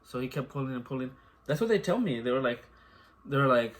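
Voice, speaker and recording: A man talks casually about being a new father, rambling and repeating filler words. His voice is mid-pitched and ordinary. He is recorded indoors at home. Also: animated, fast talker. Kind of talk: casual chat.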